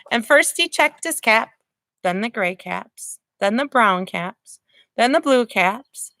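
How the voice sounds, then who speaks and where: Animated teacher reading to preschoolers. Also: female voice, fairly high pitch, no echo. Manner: animated, asks children questions. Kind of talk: read-aloud for young children.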